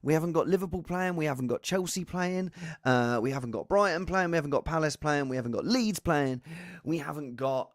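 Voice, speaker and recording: A man's voice: fairly high pitch, a little fast, dry recording, studio quality. A man hosting a casual live stream, rambling along and joking at his own expense. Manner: rambling, self-deprecating. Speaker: host.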